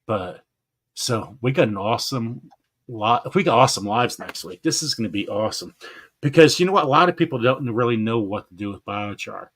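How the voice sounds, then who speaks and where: A man hosting a gardening live stream in casual chat, excitable, laughing often and stumbling over names. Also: mid-range voice, fairly quick.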